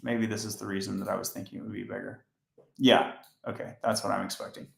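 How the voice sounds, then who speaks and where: Male coding streamer, sleepy and monotone, some vocal fry, roomy echo. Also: on the low side, fast talker. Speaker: software developer teaching on a live stream. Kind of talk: casual live coding stream.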